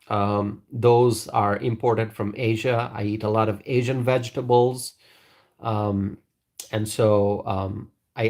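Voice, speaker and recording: A man hosting a live stream, chatting casually with viewers and reading their comments in a rambling, hesitant way. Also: fairly low pitch. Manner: rambling, hesitant, with frequent restarts.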